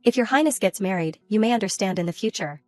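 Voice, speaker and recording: A loving noble mother, gentle and warmly teasing, as a woman reads her in her plain voice. Dry, close sound with faint music behind. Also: mid-range voice, animated, fast, dry recording, close to an everyday voice.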